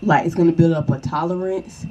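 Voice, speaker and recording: A woman's voice: fairly low pitch, steady tone, fairly quick, a little mellow, rough recording. A young woman chatting casually and reassuringly to the viewer, often checking in with "okay?". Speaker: vlogger. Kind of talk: casual advice chat.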